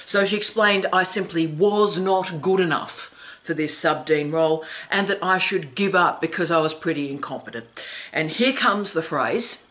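A woman's voice: low voice, normal speed, fairly bright tone. A middle-aged woman academic hosting an advice vlog, telling stories emphatically with wry, dry asides.

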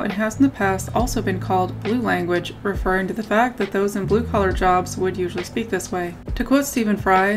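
A woman narrating a scripted video essay in a measured way, often reading out quotes. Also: medium pitch. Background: background music.

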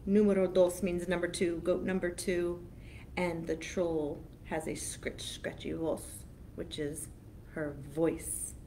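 A woman children's librarian reading a picture book aloud slowly and expressively, pausing to explain each foreign word. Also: lowish voice, flat delivery, warm tone, a little hiss or hum.

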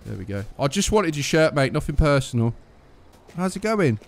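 A man's voice: fairly high pitch, big pitch swings, normal speed, gravelly, a little hiss or hum. A young man with a cheeky, trolling manner, chatting casually over his gameplay. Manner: cheeky, joking, trolling other players. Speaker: gaming channel host.

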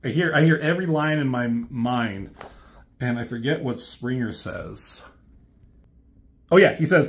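A man's voice: mid-range voice, unhurried, pauses often. A man casually retelling a comic, rambling with many fillers and the odd swear word. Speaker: reviewer.

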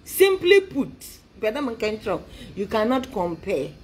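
A woman with a fairly high voice that swoops up and down with lively animation. She rants about politics in a mocking, taunting tone, slipping between English and another language and breaking into laughter. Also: a little slow. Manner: taunting, sing-song mockery with laughs; mixes English with a local language. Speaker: political commentator.

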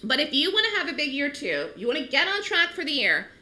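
A middle-aged woman talks straight to the viewer about trading, her voice bright and forward. Her pitch swings widely as she leans hard on key points. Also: fast talker, poor audio. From New York City. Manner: animated, emphatic, rising pitch on key points. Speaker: stock trading educator. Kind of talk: direct-to-camera market talk.

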